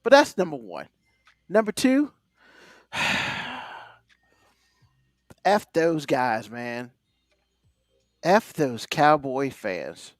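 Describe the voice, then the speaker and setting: A man's voice: mid-range voice, big pitch swings, very slow, long pauses, dry recording, clean studio sound, soft background music. A man co-hosting a casual sports podcast, ranting animatedly and swearing freely. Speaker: podcast co-host.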